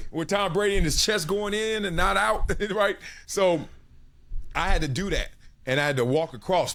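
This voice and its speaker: A man in his forties from South Central Los Angeles, a former football player telling animated stories as a podcast guest, laughing and acting out the voices of people in his anecdotes. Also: a little high. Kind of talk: casual storytelling.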